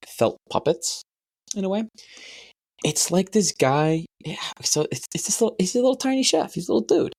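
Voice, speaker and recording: A man's voice: no echo, clean studio sound. Rambling, cussing podcast guy. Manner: profane, rambling storyteller who bursts into high-pitched voices. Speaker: podcast co-host. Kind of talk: casual chat.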